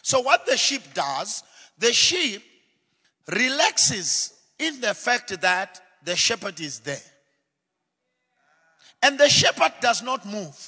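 A man preaching a sermon in a dramatic style, acting out scenes and building to shouted refrains. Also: very high-pitched, big pitch swings, slow pace, long pauses, breathy edge. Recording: long hall reverb.

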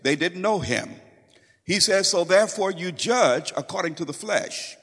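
A man's voice: high-pitched, expressive, a little slow, a bit bright, husky. A man preaching a sermon, quoting scripture and explaining it with frequent repetitions. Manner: expounding scripture with quoted lines and repetitions. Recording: long hall reverb.

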